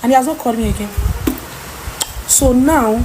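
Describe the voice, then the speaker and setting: High-voiced exasperated Nigerian woman. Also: moderate pace, long pauses, background noise. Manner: exasperated, mimics others in Pidgin. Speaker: trader telling of lost goods. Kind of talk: animated personal storytelling.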